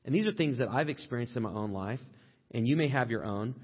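A man preaching a sermon as pastor, in a conversational way, sometimes acting out quoted complaints in a higher voice. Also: animated, fast, slightly rough, dull audio.

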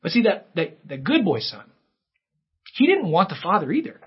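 A man's voice: sits high, wildly swooping pitch, normal speed, husky, lo-fi sound. A male pastor preaching a sermon, telling stories and acting out the characters' voices. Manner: storytelling with acted-out character voices.

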